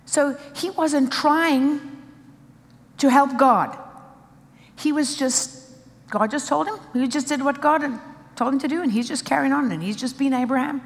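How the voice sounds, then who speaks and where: A woman's voice: sits high, a little slow, long pauses, long reverb tail. A woman preaching a sermon with emphasis, driving points home in short repeated phrases.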